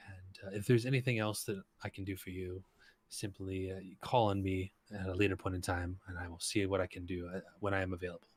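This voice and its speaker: A man's voice: deep voice, flat delivery, brisk, slight background noise, lightly acted. A man voicing a stern female ruler who speaks in formal, dismissive courtly phrases. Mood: curt.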